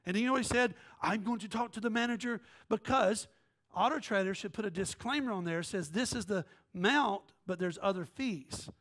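A male pastor delivers a lively storytelling sermon, slipping in and out of quoted voices and jokes. His voice sits fairly high for a man. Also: moderate pace. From American South. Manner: animated, joking, jumps between quoted voices.

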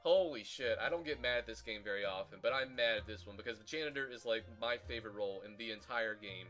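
A young man swearing and ranting furiously as he comments on his own gameplay, breaking into shouted insults. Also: on the low side, fast talker, soft background music. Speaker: gaming channel host.

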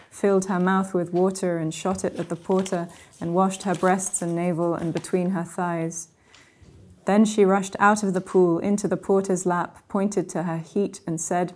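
Woman doing a literary reading, steady measured voice, pretty monotone. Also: lowish voice. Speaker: reader of her own translation. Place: university workshop room.

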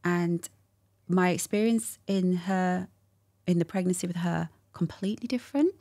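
A woman telling a personal story as a guest in a candid conversation, animated and acting out what people said, with frequent laughs. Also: fairly low pitch, normal speed. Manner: animated, acts out quotes, laughs often.

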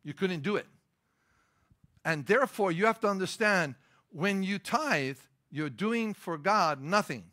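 Emphatic, bright-voiced male pastor preaching. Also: high-pitched, expressive, unhurried. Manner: emphatic preaching with rising, stressed lines and storytelling asides. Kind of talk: sermon.

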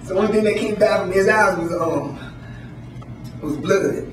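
A man telling a story live, halting with ums and restarts. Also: sits high, noisy background. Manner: halting, many ums and restarts, laughs nervously. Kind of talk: live spoken-word storytelling. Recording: echoey room, distant mic.

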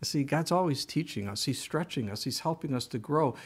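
A man pastor preaching a sermon in a conversational storytelling way, with animated asides and high, strained bursts when he acts out his own complaining. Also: a little fast, slightly rough.

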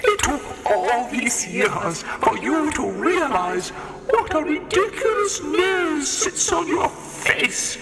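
A woman's voice: on the high side, in a large hall. A woman voicing an angry, scornful enchantress in a children's storybook tale. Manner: scornful, mocking.

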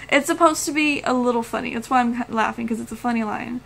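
A woman vlogger talks casually and gushes with enthusiasm, laughing often as she goes. Her voice sits a little high. Faint noise hums behind her. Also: fairly even intonation, fairly quick, gravelly, few pauses, fairly bright tone, rough recording. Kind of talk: casual movie-review chat.

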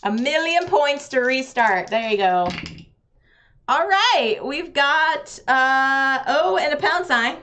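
A woman's voice: high-pitched, expressive, slow pace, pushed and bright. A woman, chatting with viewers while playing a roll-and-write game on a live stream, laughing often.

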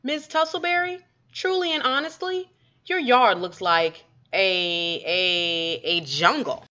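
A woman's voice: mid-range voice, animated, slow, bright, forceful tone. A woman voicing an earnest young girl who speaks plainly and folksy, pleading to be understood. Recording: dull lo-fi recording.

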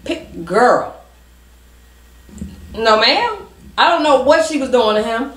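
A woman's voice: fairly high pitch, sing-song, takes it slowly. A woman co-host in a casual chat, emphatic and slangy. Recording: echoey room.

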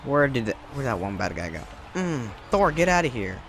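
A young man hosting his gaming channel, giving excited gameplay commentary, yelping, laughing and repeating words as he plays. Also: medium pitch, normal speed, gravelly, a little hiss or hum. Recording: faint game music behind.

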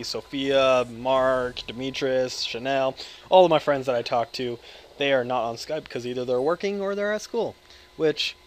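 A man in his twenties with an American accent, hyper and joking, rambling with lots of swearing over his gameplay commentary. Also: medium pitch. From United States. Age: 20s. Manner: hyper, joking, profane, self-interrupting. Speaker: gaming video creator.

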